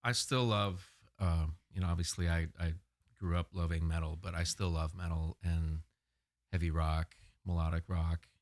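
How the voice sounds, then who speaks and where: A man from Minnesota, a guest musician, talking quietly and in a measured way in casual podcast chat. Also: deep voice, fairly even intonation, dry recording. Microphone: podcast mic at a bar table.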